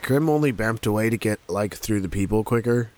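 A man playing in a tabletop game, calmly explaining what his character does. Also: fairly low pitch, fairly quick. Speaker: player. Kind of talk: casual tabletop banter.

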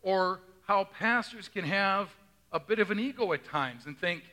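A man's voice: high-pitched, animated, a little slow, sharp tone. A man serving as pastor who reads the gospel and then preaches a chatty sermon, quizzing his congregation in a church. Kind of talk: gospel reading and conversational sermon. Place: church sanctuary.

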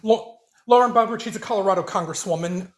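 A woman's voice: medium pitch, quick pace. A woman co-hosting a podcast in casual chat, hesitant and full of fillers. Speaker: podcast co-host.

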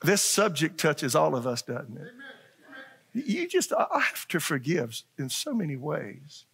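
A man's voice: a little high, huge pitch swings, slow pace, a bit bright, slightly rough. An older man, a pastor, preaching a conversational sermon and asking his congregation questions.

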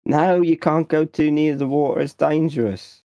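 A man's voice: fairly high pitch, fairly even intonation, normal speed, warm tone, no room sound, lo-fi sound, lightly acted. A man voicing a naive, childlike male adventurer in a tabletop role-play, earnest and sing-song.

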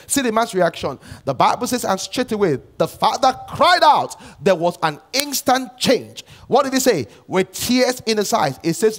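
A man delivers a sermon in a high voice. He reads scripture aloud and hammers his point home, slowing and repeating key phrases for emphasis. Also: lively intonation. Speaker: preacher.

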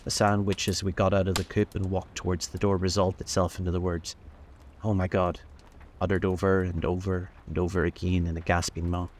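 A man narrating a classic novel aloud as host of a storytelling show, in a measured, steady manner. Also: low voice, a little hiss or hum. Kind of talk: audiobook-style novel reading.

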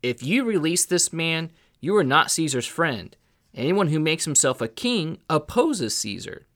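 A man voicing an angry crowd of men, loud and insistent, during a scripture reading. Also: a little high, very animated, normal speed.

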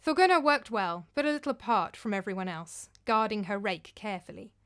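A woman's voice: medium pitch, lively intonation, a little fast, a bit bright, clean tone. Woman reading a storybook tale. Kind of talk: storybook narration.

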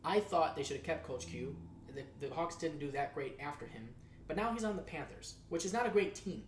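A man hosting a casual news-style show, jokey and animated, his voice jumping from loud outbursts to quiet asides. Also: on the high side, fairly quick, a little hiss or hum. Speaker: show host. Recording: echoey room.

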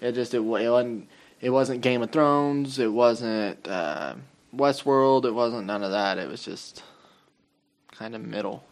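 A man's voice: mid-range voice, measured pace. A young adult man co-hosting a podcast, rambling casually with swearing and trailing fillers. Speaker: podcast co-host. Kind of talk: casual chat.

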